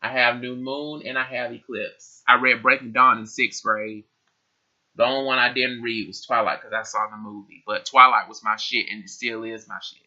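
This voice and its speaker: A man's voice: mid-range voice, level tone, moderate pace, pushed and bright, muffled recording. A young man answering questions in a casual tag video, chatty and laughing often as he repeats himself. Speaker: vlogger. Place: his room.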